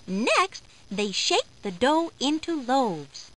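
Bright, lively woman reading to children. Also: high-pitched, slow pace, hardly any pauses, rough recording. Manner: playful, acts out each character's lines. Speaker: storybook narrator. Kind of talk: scripted narration for children.

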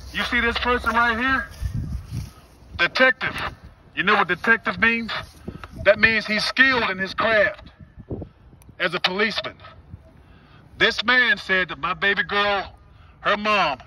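A father speaking outdoors, emphatic and repetitive, with many rhetorical questions. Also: high voice. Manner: emphatic, repeating short phrases, asking rhetorical questions. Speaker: father protesting a custody case. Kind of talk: impassioned outdoor speech to camera. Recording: distant mic with loud wind noise.

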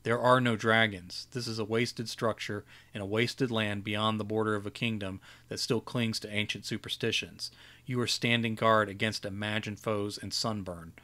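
A jaded old wizard, read by a man, grumbles through a dismissive lecture in a lowish voice. He sounds worn out and gruff, with little patience left. It is a plain storybook reading. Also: flat delivery, normal speed, sharp tone. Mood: weary.

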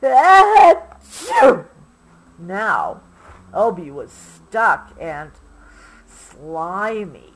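A mother reading a storybook to her child at home, taking it very slowly and with a voice that rises and falls expressively. She pauses to explain who is who as she goes. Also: mid-range voice, very animated, fairly bright tone, a little hiss or hum, rough recording. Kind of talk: storybook read-aloud.

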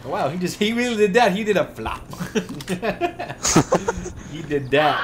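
A woman hosting co-op gameplay commentary, giggling, joking and shrieking loudly. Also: on the low side, sing-song, takes it slowly, long pauses, heavy background noise. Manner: giggly, loud, bursts into shrieks and jokes. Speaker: gaming channel host. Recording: gameplay mixed with loud game music.

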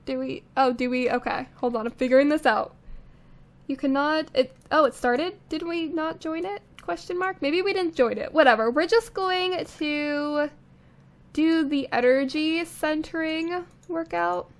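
Recorded on a studio condenser microphone, a young woman hosting a let's play offers casual gameplay commentary in a high voice. She's chatty and unhurried, thinking aloud with frequent little laughs.

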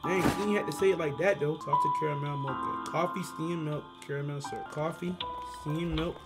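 A man giving excitable, slangy commentary on a horror game, talking straight to his viewers and reading out the game's lines. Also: fairly high pitch, normal speed, over loud music. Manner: excitable, slangy, talks to viewers, reads game dialogue aloud. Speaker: gaming YouTuber.

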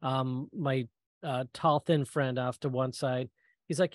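Animated storytelling man, dry close sound. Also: mid-range voice, measured pace, no echo. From Michigan, US. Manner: animated, acts out quoted voices, many fillers. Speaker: guest speaker. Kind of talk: storytelling talk.

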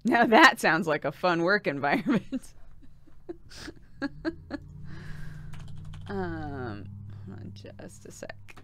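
A woman's voice: fairly low pitch, very animated, slow, long pauses, a bit bright, a little hiss or hum. A woman streaming to her viewers in casual chat, talking chattily with many fillers and giggles.

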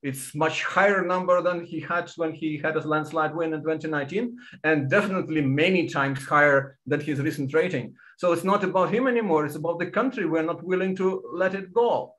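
A man, speaking on an academic panel in an earnest, halting way with many restarts, visibly moved. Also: on the high side, fairly bright tone, poor audio. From Ukraine.

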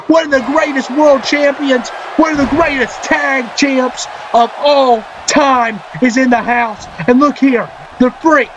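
A man who is a parent, commentating a wrestling video game with excitement, often shouting and cheering. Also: extremely high pitch, background noise. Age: adult, a parent. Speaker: gaming channel host. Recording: loud game music underneath.

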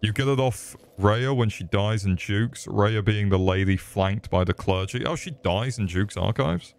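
A man's voice: lowish voice, unhurried, creaky. A young man streaming a game, with crude jokes and chatter aimed at his chat. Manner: crude joking banter with chat. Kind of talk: casual gameplay commentary. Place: home room. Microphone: desk microphone.

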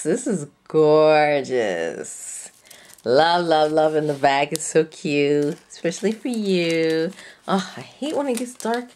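A woman with a low, darkish voice chats casually while unboxing craft supplies as a craft vlogger. She gushes over each item with breathy gasps and delighted exclamations.

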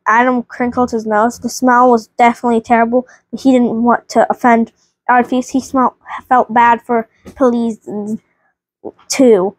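Woman, vlog host, storybook read-aloud, higher voice, dry close sound, halting with restarts. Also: little pitch movement, no echo. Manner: halting reading with frequent restarts. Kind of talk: reading a children's book aloud.

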